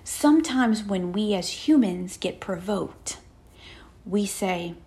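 A woman in the middle of a sermon, speaking in an earnest, conversational way. Her pitch sits at an ordinary middle level for a woman. She keeps checking in with her listeners, tossing out "right?" as she goes. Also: expressive, takes it slowly, mellow. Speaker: preacher.

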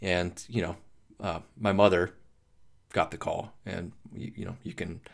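A man hosting a podcast, talking through grief in a halting, emotional monologue, swearing and restarting often. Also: deep voice, fairly even intonation, gravelly. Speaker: podcast host. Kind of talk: personal reflective monologue.

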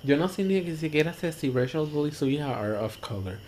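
A man's voice: a little high, lively intonation, fast talker, a little mellow. A man co-hosting a casual podcast, recapping plots at length and mixing English and Spanish freely. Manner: code-switches English and Spanish, rambling plot recaps. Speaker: podcast co-host. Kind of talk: casual chat. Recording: faint background noise.

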